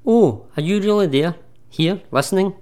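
A man's voice: high voice, moderate pace, dark tone, close to an everyday voice. A man playing a doubting, cheeky disciple in a comic church sketch. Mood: hesitant. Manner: hesitant, cheeky. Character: doubtful grown male disciple. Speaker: radio station manager.

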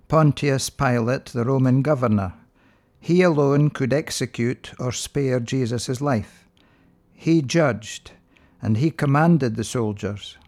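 A middle-aged man, a minister hosting a religious radio programme, speaking in a measured, earnest, rhetorical way. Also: mid-range voice, darkish tone.

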